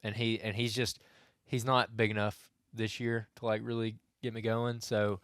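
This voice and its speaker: A man's voice: on the low side, level tone, normal speed, fairly bright tone, dry recording, studio quality. A young man, co-hosting a casual podcast and telling a long story full of restarts and asides. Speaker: podcast co-host. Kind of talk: casual hunting podcast chat.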